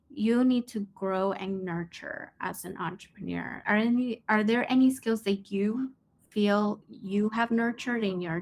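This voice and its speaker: A woman hosting an interview, asking thoughtful, meandering questions with plenty of fillers. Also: medium pitch. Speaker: host. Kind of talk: casual interview talk.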